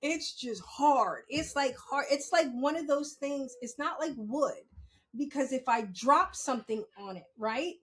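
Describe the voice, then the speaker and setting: A woman's voice: high-pitched, a little slow, a bit bright. A young woman podcast host telling a story in a casual monologue, laughing often and swearing freely.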